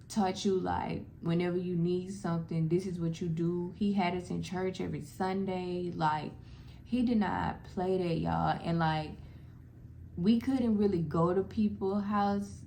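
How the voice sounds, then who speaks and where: A young woman speaks straight to her viewers, telling a personal story in a loose, heartfelt way and calling them "y'all". Her voice sits a little low and carries a gravelly fry. Faint noise runs under the recording. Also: a little mellow. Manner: casual, heartfelt, addresses viewers as "y'all", many "like" fillers. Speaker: vlogger sharing a personal story. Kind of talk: emotional personal storytelling to camera.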